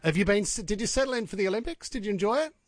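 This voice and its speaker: Chummy radio host, dry mic. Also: male voice, high voice, animated, very fast, dry recording. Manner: chummy and upbeat. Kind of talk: casual radio chat.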